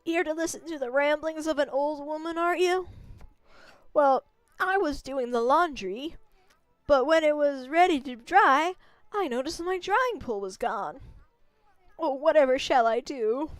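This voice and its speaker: A woman's voice: high voice, expressive, unhurried, no echo, pitched above the performer's own voice. A woman voicing a kindly, fussy old village grandmother with a put-on Southern drawl, talking in a folksy, fretful way. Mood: doting fretful. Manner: folksy, fretful, gently doting. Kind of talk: voicing game characters while streaming.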